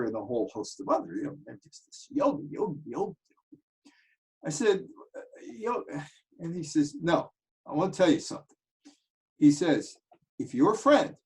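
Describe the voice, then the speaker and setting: A man telling anecdotes, animated and switching voices for quotes. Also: on the high side, low-quality recording. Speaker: commentator telling stories. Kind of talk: casual storytelling monologue.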